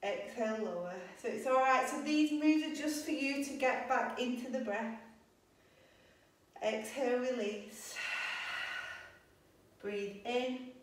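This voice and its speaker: A young adult woman teaching a yoga class, calmly cueing breaths and poses, a little out of breath. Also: high-pitched, slow pace, pauses often, a little hiss or hum. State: slightly out of breath. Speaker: yoga instructor. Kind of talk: guided yoga class instruction. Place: yoga studio. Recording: echoey room, voice a bit distant.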